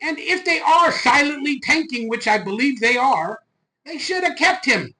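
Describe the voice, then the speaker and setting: A man hosting a fan channel, ranting loud, fired-up and profane on a live stream into a phone. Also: very high voice, animated, moderate pace, low-quality recording.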